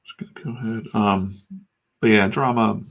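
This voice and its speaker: While sketching, a middle-aged American man who draws comics and runs a channel rambles in a candid, profane, casual way. His voice sits on the low side with vocal fry, fairly even intonation and a moderate pace.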